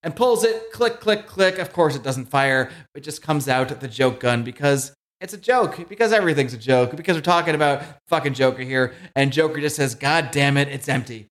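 A man co-hosting a podcast, telling a comic story in a casual, animated way. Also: a little high, brisk, few pauses. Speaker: podcast co-host. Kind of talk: casual comic book review.

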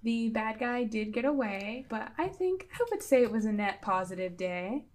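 A woman's voice: fairly high pitch, expressive, moderate pace. A woman playing a tabletop game, chatty and bubbly with many fillers. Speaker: player. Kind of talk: casual in-character play.

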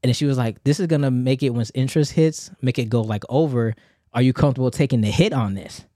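A man's voice: mid-range voice, fast talker, warm tone, no room sound, studio quality. A man co-hosting a casual chat, telling a story animatedly and acting out both sides of the conversations. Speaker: podcast co-host.

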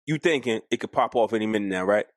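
A man co-hosting a casual podcast, animated and argumentative, often jumping up in pitch for emphasis. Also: quick pace, no echo, clean studio sound. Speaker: podcast co-host.

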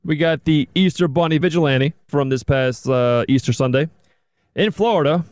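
A man runs through football news on a casual podcast, joking crudely with his co-host. His voice is smooth and resonant, recorded dry and close. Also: on the high side, normal speed, no echo. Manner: joking, crude banter while reading news. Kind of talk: casual sports podcast chat.

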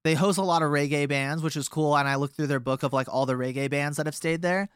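A man's voice: on the high side, fairly even intonation, fast, clear, resonant tone, no room sound, clean studio sound. A young man in a band chatting casually as a guest, rambling through a story with lots of filler words. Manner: rambling, many fillers and restarts. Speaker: touring band member, guest.

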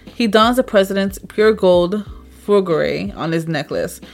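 A woman's voice: medium pitch, measured pace, vocal fry, soft background music. Young woman reading a comic aloud; casual, loose, trips on names. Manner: stumbles over names, laughs it off. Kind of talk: casual read-aloud with chat.

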